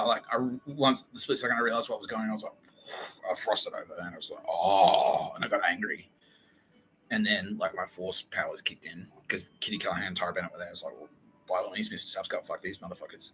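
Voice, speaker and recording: A man's voice: on the low side, pushed and bright, slight background noise, poor audio. A man hosting a podcast, telling a wild story in a rambling, profane comic monologue with frequent laughter. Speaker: podcast host.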